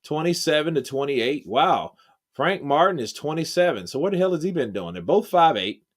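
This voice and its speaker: A man's voice: a little high, very animated, moderate pace. A man hosting a live stream with casual, crude, jokey commentary. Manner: joking, crude, laughs often. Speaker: livestream host.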